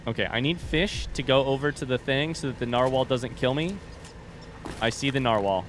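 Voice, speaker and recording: A man's voice: medium pitch, moderate pace, slight background noise. A man streaming a game live, chatting casually and rambling to his viewers. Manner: rambling, chatty, addresses chat directly. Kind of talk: casual livestream chat while gaming.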